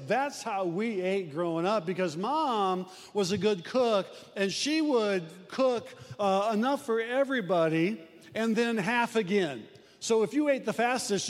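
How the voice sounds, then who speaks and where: A man's voice: high voice, in a large hall. An older man preaching a folksy sermon, telling family stories and repeating words as he goes. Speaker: pastor.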